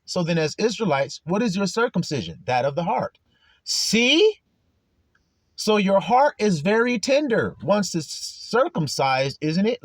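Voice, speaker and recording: Animated, profane male street preacher. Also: a little high, no room sound. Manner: blunt, profane, teasing, rhetorical questions. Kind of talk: casual street sermon.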